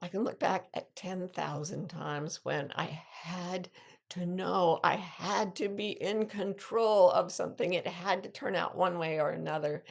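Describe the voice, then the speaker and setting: Older woman with a gravelly low voice. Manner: animated storyteller, restarts mid-sentence. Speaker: podcast host and life coach. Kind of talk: reflective casual talk.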